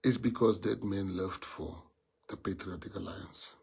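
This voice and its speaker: A man's voice: low-pitched, steady tone, unhurried, gravelly, darkish tone, husky. A man with a South African accent, a party leader giving a heartfelt speech to his members, earnest and repeating key phrases for emphasis.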